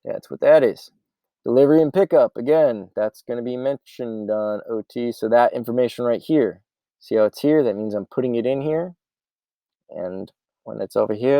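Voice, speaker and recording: A man who runs a meal prep business, casually walking through his ordering software and thinking aloud as he goes. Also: mid-range voice, moderate pace, vocal fry, no echo. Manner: rambling and offhand, thinking aloud.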